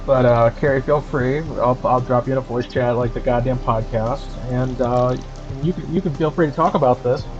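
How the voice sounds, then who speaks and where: A man's voice: mid-range voice, fairly even intonation, normal speed, dull audio, over music. Angry profane man ranting on stream.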